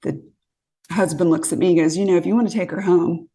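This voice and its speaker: A woman from California telling a story on a podcast in a casual, animated way, acting out what people said and swearing when she relives the moment. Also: fairly low pitch, quick pace. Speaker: guest storyteller.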